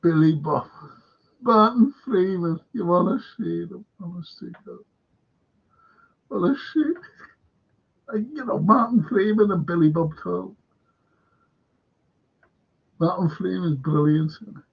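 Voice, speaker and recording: A man's voice: sits high, a little slow, gravelly, pauses often, slightly rough, lo-fi sound. A man hosting a live stream, chatting in a meandering way and often dropping his voice to a near-whisper. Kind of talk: rambling casual chat. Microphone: webcam or desk mic on a live stream.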